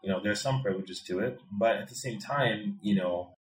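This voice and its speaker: A man from Chicago with a very low voice talks in an unhurried, reflective way as an interview guest. He often repeats words as he works toward his point. The room around him is audibly echoey. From Chicago, USA. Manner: thoughtful, repeats words when building a point. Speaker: guest, American expat in Thailand. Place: indoor room in Bangkok.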